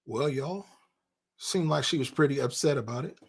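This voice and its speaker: A man's voice: medium pitch, moderate pace, vocal fry, breathy edge. A man hosting a commentary show, talking in a folksy, preachy way and laughing at himself. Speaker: host.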